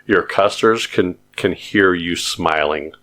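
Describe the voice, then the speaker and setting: A man's voice: low-pitched, unhurried, fairly bright tone. A man co-hosting a podcast, telling stories in a rambling, hesitant casual chat. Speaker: podcast co-host.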